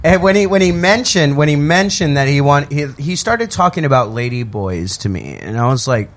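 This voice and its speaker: A man's voice: on the high side, expressive, moderate pace. A man telling a story in casual chat, laughing often and swearing.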